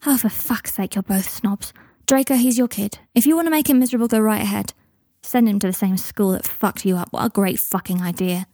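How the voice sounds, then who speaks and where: Brief: blunt angry woman, swears freely, mellow tone, read by a woman. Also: medium pitch, fairly quick, hardly any pauses, dry recording, clean studio sound, close to an everyday voice. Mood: furious. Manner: sharp and sweary. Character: blunt, furious adult woman friend.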